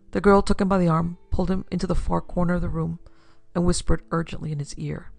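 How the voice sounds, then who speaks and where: A woman host giving a steady, scripted narration of a pulp detective story. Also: fairly low pitch, vocal fry, dry recording.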